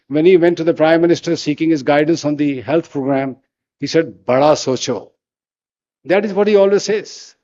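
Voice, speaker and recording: An older man with an Indian English accent, a business leader giving a formal conference speech in measured, emphatic short phrases from a podium. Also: medium pitch, mellow, lo-fi sound. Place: large conference hall.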